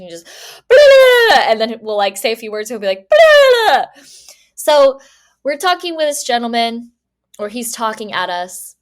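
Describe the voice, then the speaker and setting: A young woman from Phoenix co-hosting a podcast, telling a story in a lively, laughing, casual way. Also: medium pitch. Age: young adult. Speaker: podcast co-host.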